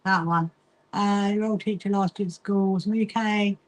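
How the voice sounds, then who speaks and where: A woman's voice: mid-range voice, fairly even intonation, normal speed, rough recording. A middle-aged woman chats casually to viewers while she sews, reading out their comments and laughing often. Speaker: livestream host. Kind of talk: casual chat while sewing.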